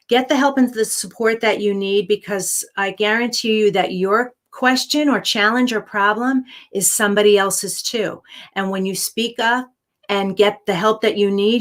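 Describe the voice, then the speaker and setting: A woman's voice: mid-range voice, a bit bright. A woman hosting a live-streamed show, answering viewer questions with earnest, encouraging life-coaching advice.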